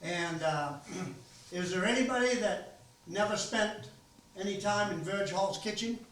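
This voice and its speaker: An older man from Maine tells stories to a room full of people, rambling and folksy, with plenty of ums and restarts. His voice sits fairly high. It comes from far off in a very echoey library room. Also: measured pace, a bit bright. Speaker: host of a storytelling gathering. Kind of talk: casual storytelling to an audience.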